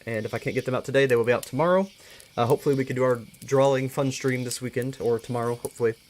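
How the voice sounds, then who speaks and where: A man's voice: mid-range voice, very fast, a little mellow. A man hosting a live stream, closing it in an earnest, thankful way and often restarting his words. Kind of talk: casual live-stream sign-off.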